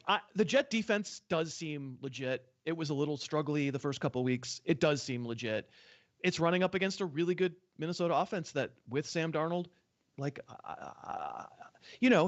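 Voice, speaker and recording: A man's voice: fairly high pitch, muffled recording. A man co-hosting a sports podcast, talking casually and jokily, laughing often. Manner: animated, jokey, laughs often. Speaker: podcast co-host. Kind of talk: casual sports betting chat.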